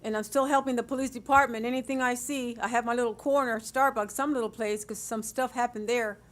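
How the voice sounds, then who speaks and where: An older woman volunteer giving a warm, rambling public comment at a hearing. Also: fairly high pitch, steady tone, brisk. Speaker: senior volunteer.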